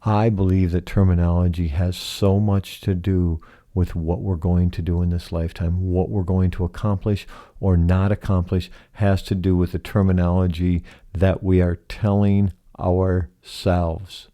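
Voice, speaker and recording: A man hosting a reflective solo podcast, speaking slowly and softly and asking many rhetorical questions. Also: deep voice. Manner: slow, soft-spoken, asks many rhetorical questions. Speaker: podcast host.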